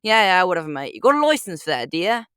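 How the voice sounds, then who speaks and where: A brash, rude male detective with a put-on British accent, as a woman plays him, tossing out slangy taunts with swagger. The voice sits lowish and sounds dry and close. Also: very animated, quick pace, a bit bright, clear, resonant tone, no room sound. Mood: bossy.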